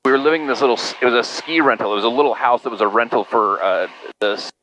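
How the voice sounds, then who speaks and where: A man's voice: medium pitch, racing, fairly bright tone, slight background noise, low-quality recording. A middle-aged man from Utah, telling personal stories in a casual, rambling way and saying "dude" and "you know" a lot. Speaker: podcast guest. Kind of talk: casual conversational storytelling.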